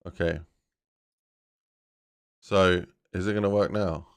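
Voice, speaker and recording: A man's voice: deep voice, fairly even intonation, takes it slowly, smooth. A man chatting casually on a live stream while he builds a game map, thinking aloud and talking to his chat in a rambling way.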